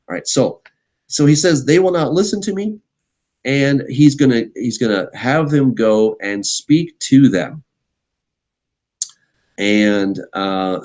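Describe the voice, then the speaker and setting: A pastor teaching the Bible in a conversational way, reading passages aloud and checking in with listeners. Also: male voice, fairly low pitch, a little mellow, low-quality recording. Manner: conversational, frequent "right?" check-ins.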